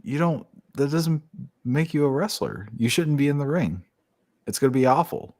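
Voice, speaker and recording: A man's voice: a little high, lively intonation, normal speed, darkish tone, dry recording, clean studio sound. A man co-hosting a podcast, giving blunt, dismissive opinions in casual chat. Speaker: podcast co-host.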